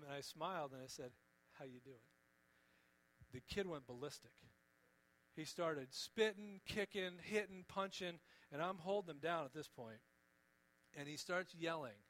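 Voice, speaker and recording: A man preaching with a slightly higher voice, earnest and gentle. He pleads with his listeners and lets key words fall quiet. A faint mains hum sits under the recording. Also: poor audio. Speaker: pastor. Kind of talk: sermon.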